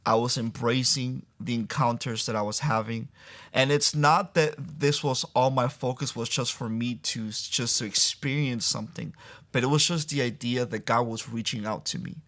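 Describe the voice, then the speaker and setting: A man's voice: mid-range voice, fairly even intonation, moderate pace, fairly bright tone. A man telling his personal faith testimony in a sit-down interview in a church, speaking earnestly and often using casual fillers. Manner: earnest storytelling with frequent "like" and "I'm like" fillers. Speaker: guest sharing a faith testimony. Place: church building.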